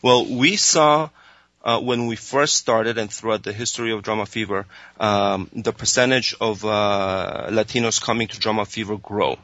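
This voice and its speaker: A man with a low but bright, forward voice answers interview questions. He hesitates constantly, filling gaps with uh and um and restarting phrases. The recording is dry and somewhat dull. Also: normal speed, dry recording. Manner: hesitant, many fillers and restarts. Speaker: streaming executive guest.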